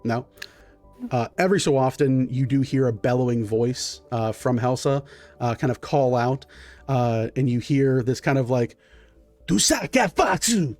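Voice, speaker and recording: A man's voice: medium pitch, steady tone, moderate pace, warm tone, soft background music. A man narrating a tabletop game as game master, in a loose, filler-heavy way.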